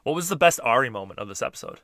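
A man's voice: mid-range voice, animated, racing, gravelly, pushed and bright, no room sound, studio quality. A man hosting a podcast, chatting casually and steering the talk with questions. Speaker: podcast host. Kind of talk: casual chat.

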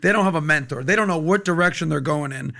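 An American man hosts the podcast in a bright, forceful voice with a gravelly edge. He chats eagerly, jokes around, and asks his guest questions. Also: a little high, fast. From United States. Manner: enthusiastic, jokey, asks questions. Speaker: podcast host. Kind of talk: casual interview chat.

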